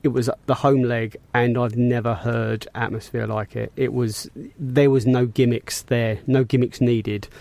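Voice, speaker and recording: Halting radio host, dry studio sound. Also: male voice, mid-range voice, little pitch movement, gravelly, darkish tone, dry recording. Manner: halting, restarts his questions. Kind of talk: casual radio banter.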